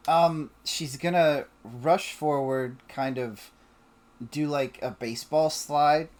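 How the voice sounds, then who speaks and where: Tabletop player, playful, describing moves, mid-pitched voice. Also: slow, a little mellow. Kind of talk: casual tabletop play.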